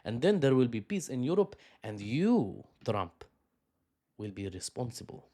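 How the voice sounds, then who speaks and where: A man voicing a sly, flattering middle-aged Russian leader in a mock Russian accent, sweet-talking and wheedling. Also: mid-range voice, a little slow.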